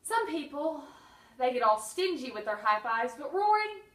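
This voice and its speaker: A woman reading her own humorous memoir with wry, deadpan comic timing and sudden bursts. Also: high voice, moderate pace, reverberant, far from the mic, low-quality recording.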